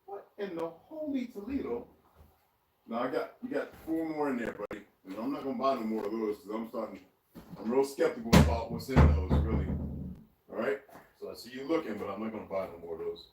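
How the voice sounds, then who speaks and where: This vlogger's mid-range, slightly dark voice is sing-song and brisk as he rambles to viewers in his home kitchen, laughing often and talking to his cat while searching around. Recorded from a distance, the sound is roomy and off-mic, with faint noise and soft background music.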